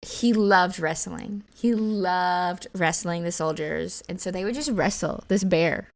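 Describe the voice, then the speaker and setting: A woman co-hosting a casual podcast, telling stories in a lively way and laughing often. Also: fairly low pitch, unhurried. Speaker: podcast co-host. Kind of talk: casual storytelling chat.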